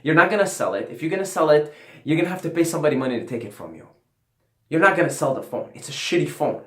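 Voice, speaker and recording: A man's voice: on the high side, lively intonation, fast talker, fairly bright tone. A man hosting his own channel, telling a personal story in a casual, profane, ranting way, repeating himself as he goes. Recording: roomy echo.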